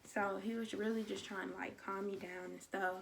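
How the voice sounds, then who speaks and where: A young woman with a gravelly, creaky voice tells a personal story in a casual storytime vlog. She slips into quick impressions of the people in it, and a faint hiss runs under her voice. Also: medium pitch. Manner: animated storytelling, acting out quotes of others. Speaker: vlogger.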